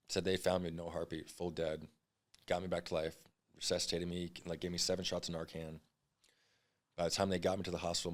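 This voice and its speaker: Fast-talking low-voiced man. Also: a bit bright. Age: 30s. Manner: blunt, frequent swearing, rapid storytelling. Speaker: podcast guest. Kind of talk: candid storytelling interview.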